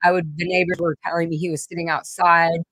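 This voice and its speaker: A woman's voice: lowish voice, flat delivery, quick pace, fairly bright tone, slightly rough, no room sound, poor audio. A woman hosting her own vlog, telling a personal story in a rambling, emotional way with many fillers and restarts. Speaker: vlog host.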